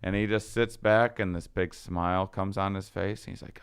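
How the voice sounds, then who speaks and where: A man's voice: sits low, fairly even intonation, moderate pace, gravelly, smooth. A man telling a long story in casual conversation, acting out quoted lines and laughing often. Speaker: podcast guest.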